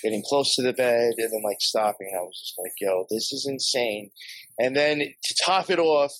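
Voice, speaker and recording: A man's voice: mid-range voice, animated, brisk, fairly bright tone, no room sound, low-quality recording. A man with a New York accent telling a long, rambling story, swearing often and laughing as he talks. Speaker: podcast guest. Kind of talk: casual storytelling.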